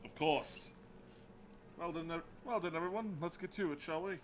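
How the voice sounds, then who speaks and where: A man playing a tabletop role-playing game, speaking in a playful, animated way and slipping into character. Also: a little high, moderate pace, a little hiss or hum. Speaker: player.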